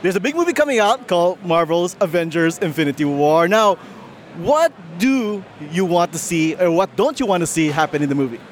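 A man's voice: high voice, animated, fairly quick. A man interviewing a guest, asking upbeat questions in a casual chat.

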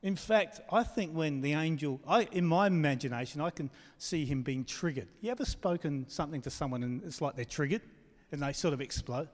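A man's voice: on the high side, expressive, brisk, big-room sound. A man preaching a sermon as pastor, talking conversationally and asking the congregation questions.

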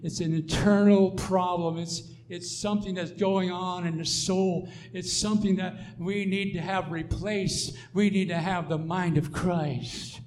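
A man preaching a sermon, emphatic and repetitive, swelling to loud declarations and dropping to soft asides. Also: high voice, steady tone, measured pace, hardly any pauses, a little hiss or hum.

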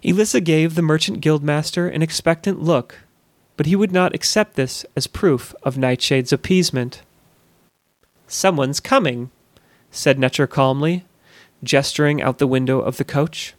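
A man narrating a fantasy audiobook in a measured storytelling manner, on a close studio mic. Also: a little high, no room sound.

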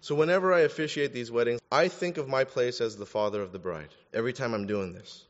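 A man's voice: medium pitch, fast talker. A man preaching a sermon in a conversational style, with joking asides to the congregation. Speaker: pastor. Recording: dull sound with long hall reverb.

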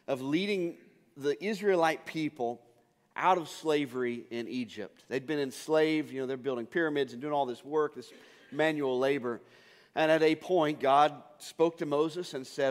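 A man gives a sermon as pastor, his voice sitting a touch high. He talks casually, often doubling back to restart his sentences. The sound rings with the long reverb of a large hall. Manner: casual storytelling with frequent restarts.

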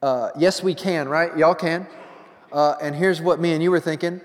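A male pastor delivers a sermon, chatting with the congregation and telling lively stories. His voice sits a little high for a man. The sound carries the long reverb of a large hall. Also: moderate pace. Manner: conversational, animated storytelling with asides to the congregation.

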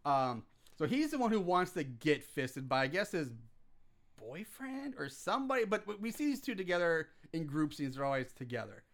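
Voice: mid-range voice, big pitch swings, moderate pace. A podcast co-host recapping a film scene in casual chat, telling it graphically and acting out the quotes with laughs.

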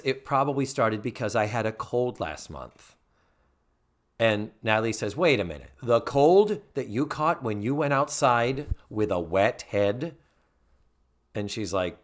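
Male podcast co-host, casual recap, animated delivery with lots of pitch movement, quotes characters in mock voices. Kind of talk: casual episode recap chat.

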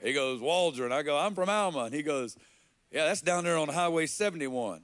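Casting: man, preacher, earnest storyteller, fairly high voice, dry close sound. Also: animated, a bit bright, no room sound. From Arkansas, USA. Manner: earnest, slow and halting, with quoted dialogue. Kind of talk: sermon storytelling.

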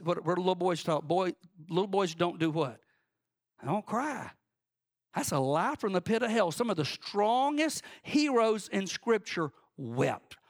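High-voiced impassioned preacher. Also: male voice, fairly bright tone. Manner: impassioned, rising and falling preaching cadence. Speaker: pastor. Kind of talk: sermon.

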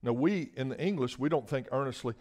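A man's voice: medium pitch, a little fast, a little mellow. A man preaching a sermon as a guest speaker. He talks emphatically, often repeats words and asks the room for an "Amen?".

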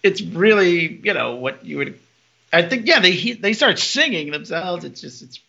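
A man co-hosting a podcast, chatting casually and laughing as he retells TV scenes with quick quoted lines. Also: high voice, sing-song, vocal fry, pushed and bright. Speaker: podcast co-host. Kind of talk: casual episode recap chat. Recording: dull lo-fi podcast mic.

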